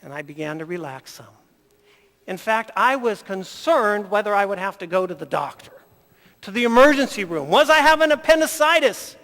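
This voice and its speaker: A man telling stories in a folksy, animated health talk. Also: high-pitched, moderate pace, long reverb tail.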